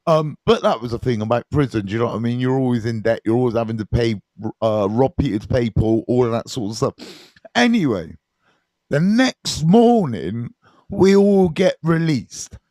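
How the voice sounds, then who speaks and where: Animated man telling stories. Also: medium pitch, moderate pace, dry recording. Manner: animated, swears freely, keeps checking in with "right?" and "you know what I mean". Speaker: recovery mentor and live streamer. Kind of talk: casual storytelling on a live stream.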